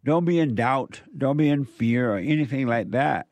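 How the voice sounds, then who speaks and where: A man's voice: mid-range voice, animated, moderate pace, a little mellow, dry recording. Man giving an emphatic political monologue. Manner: emphatic, repetitive warnings. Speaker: political commentator. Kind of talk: opinion monologue.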